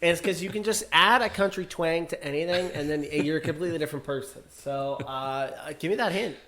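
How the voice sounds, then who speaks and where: Animated male co-host, slightly high voice. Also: fairly quick, a little hiss or hum. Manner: animated, exclaims and laughs, asks for hints. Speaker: podcast co-host guessing singers. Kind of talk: casual chat. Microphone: headphones and microphone.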